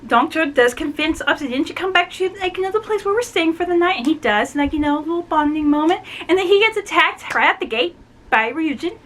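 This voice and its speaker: A woman chatting through a book review, animated and full of "like" and "you know". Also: very high voice, brisk, slight background noise, low-quality recording. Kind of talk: casual book review vlog.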